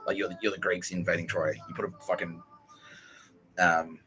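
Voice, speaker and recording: A man's voice: sits low, little pitch movement, moderate pace, sharp tone, a little hiss or hum, poor audio. A man hosting a podcast, rambling through profane casual banter and laughing often. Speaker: podcast host.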